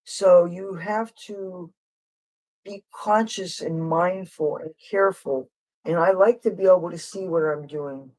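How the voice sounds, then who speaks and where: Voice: medium pitch, fairly even intonation, unhurried, a little mellow, rough recording. An adult livestream host and street guitarist chatting casually in a rambling, digressive way, frank and a little wry, jumping from topic to topic.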